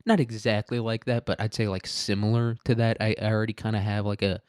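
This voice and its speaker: A young man with a somewhat low, nasal voice rants loosely on his own podcast, peppering everything with "dude" and "like." He swears freely and laughs at his own tangents. The sound is dry and close, with no room around it. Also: steady tone, quick pace, a little mellow, clean tone, no room sound. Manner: rambling, profane, laughs often; says "dude" and "like" a lot. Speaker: podcast host. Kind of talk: casual solo rant.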